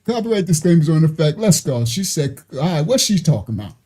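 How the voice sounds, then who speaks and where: A man's voice: a little high, sing-song, quick pace, mellow, slightly rough. A man with a New York accent hosting a casual reaction video, teasing and laughing often as he comments. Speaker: host reacting to video clips.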